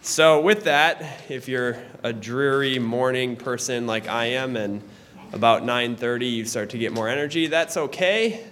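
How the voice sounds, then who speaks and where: A young man teaching a church class in a conversational way, pausing and correcting himself as he goes. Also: mid-range voice, fairly bright tone. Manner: conversational, with pauses and restarts. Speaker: Sunday school teacher.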